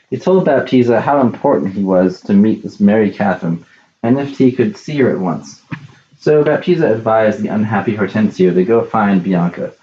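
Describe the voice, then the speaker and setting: A man narrating a classic story in a measured, plain reading. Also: lowish voice, mellow, roomy sound, muffled recording, slight background noise.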